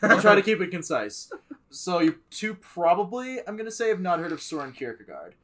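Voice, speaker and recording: Bright, lively man with a dry edge. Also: high-pitched, brisk. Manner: dry and wry, explains ideas. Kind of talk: casual chat.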